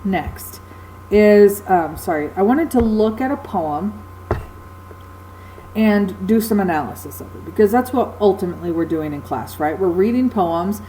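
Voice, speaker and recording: A woman's voice: mid-range voice, expressive, unhurried, dark tone, slight background noise, rough recording. A woman teacher giving a recorded lecture, explaining patiently with frequent ums and uhs.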